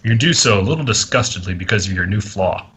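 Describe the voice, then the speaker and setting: Husky, low-voiced man as game master, narrating a tabletop game in a loose, joking way. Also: expressive, fast, fairly bright tone. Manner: casual, joking, laughs at the table.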